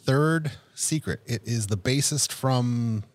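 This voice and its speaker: A woman's voice: rumbling low, slow pace, darkish tone, no echo. A woman in casual chat who makes dry, matter-of-fact remarks.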